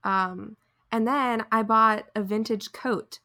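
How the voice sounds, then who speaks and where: A young woman with a bright, forceful voice talks casually as a podcast co-host. Her speech is full of "like" fillers and quick laughs, and it stays loose and conversational throughout. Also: a little high, steady tone. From near Raleigh, North Carolina. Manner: chatty, lots of "like", laughs often. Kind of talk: casual chat.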